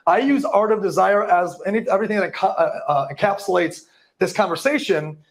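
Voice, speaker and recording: A man's voice: high voice, fairly quick. A man giving a live motivational talk to an audience, hyped and profane, tripping over words now and then. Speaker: motivational speaker.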